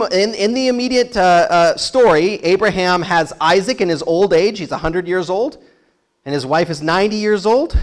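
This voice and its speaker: A male pastor preaching to his congregation, telling the story in a lively, conversational way with frequent chuckles and playful asides. His voice sits a little high for a man. He jumps between quoted voices and plain explanation. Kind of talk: sermon.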